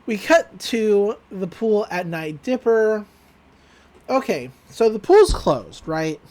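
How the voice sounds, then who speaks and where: A woman's voice: mid-range voice, big pitch swings, takes it slowly, darkish tone. A woman co-hosting a podcast, giving a chatty, casual recap with laughs and fillers. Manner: chatty, giggly, with frequent fillers. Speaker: podcast co-host.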